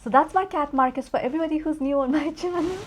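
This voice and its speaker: A woman's voice: high voice, fast talker, a little hiss or hum. A woman chatting casually through a perfume review, rambling and easily distracted.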